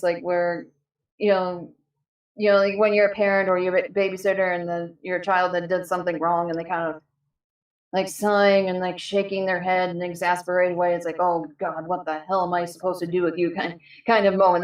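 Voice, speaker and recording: A young woman telling a personal story casually, halting with many fillers and restarts. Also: mid-range voice. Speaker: panel guest. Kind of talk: casual storytelling on a live stream. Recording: echoey distant mic.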